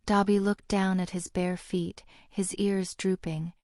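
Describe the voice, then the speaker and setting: Slow, mellow woman narrating an audiobook. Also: medium pitch, no echo, clean studio sound. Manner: steady, measured reading. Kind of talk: scripted narration of a fan fiction audiobook.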